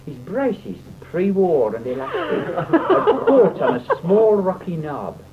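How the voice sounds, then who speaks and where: A man's voice: high voice, huge pitch swings, slow pace. A man reciting comic verse in a theatrical, mock-dramatic way, on a dull, slightly noisy old recording. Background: audience laughter.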